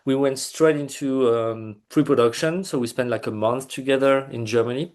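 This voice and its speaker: A man's voice: medium pitch, moderate pace, darkish tone. Chatty man rambling over a video call. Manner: chatty and loose, many fillers and restarts. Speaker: band bassist, interview guest. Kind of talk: casual interview chat.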